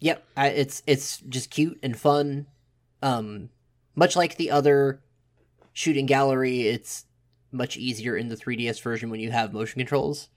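A man's voice: medium pitch, measured pace. A man co-hosting a casual podcast, chatting in an easygoing, agreeable way. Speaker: podcast co-host. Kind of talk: casual chat.

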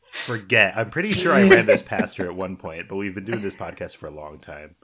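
A man's voice: low-pitched, wildly swooping pitch, a little fast, a bit bright. A man hosting a podcast in casual, joking conversation with his co-hosts. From American, living in Australia. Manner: playful, joking. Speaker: podcast host. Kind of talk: casual chat.

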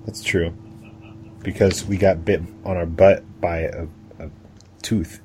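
A man's voice: low-pitched, fairly even intonation, takes it slowly, warm tone, slightly rough. A man co-hosting a podcast, playing a game in casual chat with hesitant, dry humor. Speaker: podcast co-host, player.

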